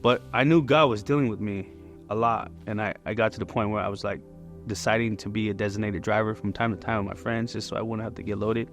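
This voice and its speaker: A man in his forties tells his personal testimony in a candid, rambling way. His voice sits fairly low with a gravelly edge, and soft music plays underneath. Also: fairly even intonation, quick pace. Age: 40s. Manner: candid and conversational, many fillers. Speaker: church member giving testimony.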